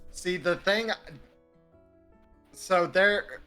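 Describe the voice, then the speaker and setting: A man on a live stream, telling a story with a bright, forceful voice that runs a little high. Faint music plays behind him. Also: drawn-out words. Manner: storytelling, animated, laughs often. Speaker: streamer co-host. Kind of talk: casual chat.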